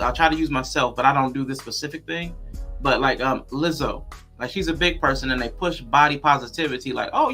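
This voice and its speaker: A man's voice: mid-range voice, pushed and bright. A man hosting a livestreamed talk show, greeting viewers and posing thoughtful questions in casual chat. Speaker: podcast host.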